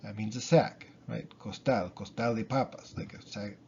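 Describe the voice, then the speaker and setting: Gravelly-voiced man teaching Spanish pronunciation. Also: fairly low pitch, moderate pace, muffled recording, slight background noise. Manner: relaxed, explains with fillers and repetition. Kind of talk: casual spoken lesson.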